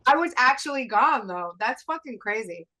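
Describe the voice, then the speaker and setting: A woman's voice: on the high side, animated, normal speed, sharp tone. A woman in a casual group video call, incredulous and laughing, swearing freely. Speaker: seminar participant.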